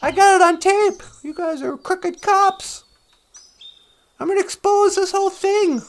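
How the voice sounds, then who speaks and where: A man voicing a squeaky heroic agent. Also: measured pace. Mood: mock heroic. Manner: theatrical, over-earnest. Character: high-pitched mock heroic FBI agent, earnest.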